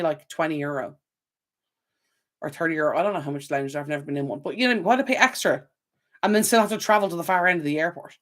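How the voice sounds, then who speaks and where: A young Irish woman hosting a live stream from her desk, rambling in casual rants with plenty of fillers. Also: low-pitched. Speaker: channel host. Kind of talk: live stream chat with viewers. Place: home desk. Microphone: desk camera mic.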